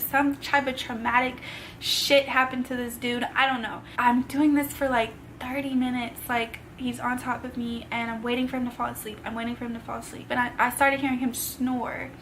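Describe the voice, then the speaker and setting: A woman's voice: a little high, fairly bright tone, slight background noise, rough recording. Emotional young woman telling a story. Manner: emotional, fast storytelling with casual slang. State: tearful at times. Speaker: vlogger. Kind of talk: storytime vlog.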